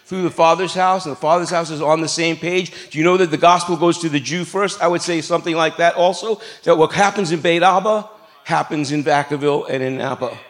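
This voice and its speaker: A man's voice: on the high side, fairly even intonation, fairly quick. A middle-aged man preaching a sermon in a church, in a conversational, joking way with asides to the congregation. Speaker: pastor. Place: church sanctuary.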